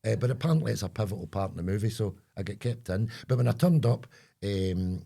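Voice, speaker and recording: A Scottish man co-hosts a podcast in casual chat, his voice fairly low, expressive, mellow and touched with vocal fry. He talks fast and rambles, often trailing off mid-sentence as he searches for words.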